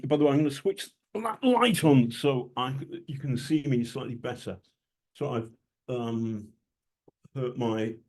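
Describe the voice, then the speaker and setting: A man's voice: medium pitch, a little mellow. A British man speaking as a guest journalist to students over a video call, telling stories emphatically with dry humor and frequent ums. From Britain.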